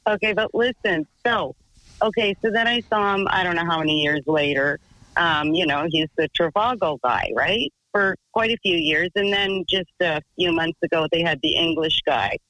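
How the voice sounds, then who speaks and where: A woman's voice: fairly low pitch, normal speed, fairly bright tone, no echo, low-quality recording. A woman from Canada calling into a radio show, telling a rambling story in a chatty, loose way. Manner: chatty, rambling, swears, laughs easily. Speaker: radio caller. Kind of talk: phone-in storytelling.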